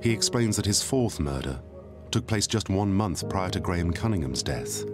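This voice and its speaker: A man narrating a documentary from a script in a measured, grave way. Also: deep voice, lively intonation, over music. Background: loud documentary score.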